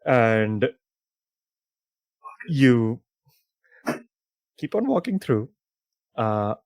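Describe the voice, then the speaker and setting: A man narrating a tabletop game as game master, halting with many fillers. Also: mid-range voice, darkish tone, no echo.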